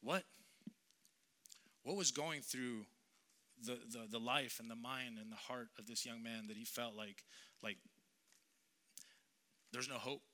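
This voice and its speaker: Casual: youth pastor guy telling a sermon story, kinda rambling and earnest, bright sharp voice. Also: mid-range voice, fairly even intonation. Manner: conversational, halting, earnest storyteller.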